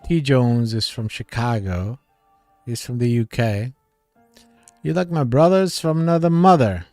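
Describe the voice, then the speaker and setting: Slow-talking man chatting with his livestream viewers. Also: medium pitch, darkish tone, no echo, faint music behind. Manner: chatty, laughs often, reads comments aloud. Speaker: livestream host reading chat. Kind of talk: casual live chat with viewers.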